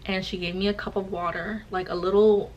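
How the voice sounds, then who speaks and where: A woman's voice: mid-range voice, a little fast, dull audio, heavy background noise. A young woman, telling a personal story in a casual vlog chat and acting out the voices of the people in it. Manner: animated, acts out quoted voices. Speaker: vlogger.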